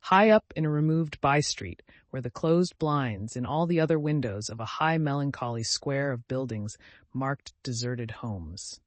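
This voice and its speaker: A man narrating an audiobook in a measured, even delivery. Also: mid-range voice, dry recording.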